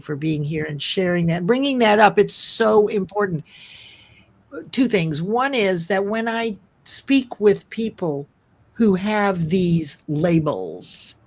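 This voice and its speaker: A woman's voice: lowish voice, creaky. A woman hosting a live online talk show, speaking in a rambling, earnest way and often restarting her sentences. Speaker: host.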